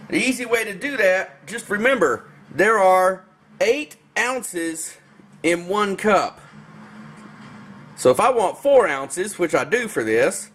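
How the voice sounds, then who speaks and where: Folksy man with a high voice. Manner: relaxed, folksy, talks viewers through each step. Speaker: host of a barbecue cooking channel. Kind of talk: casual cooking demonstration.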